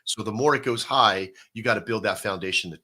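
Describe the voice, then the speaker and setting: Man with a low, bright voice. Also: a little fast. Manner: animated, explaining with rhetorical "right?". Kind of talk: casual live-stream chat.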